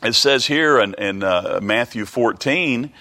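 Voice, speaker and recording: A man preaching a Bible study sermon, halting and restarting, reading scripture aloud and asking the listeners many rhetorical questions. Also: medium pitch, animated, bright, forceful tone. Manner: reads King James scripture aloud.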